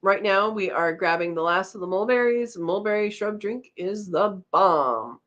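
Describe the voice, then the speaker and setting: A woman's voice: mid-range voice, measured pace, fairly bright tone. A tired woman hosting a casual live chat, reading out viewer comments and chatting back with a laugh. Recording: slightly dull lo-fi audio.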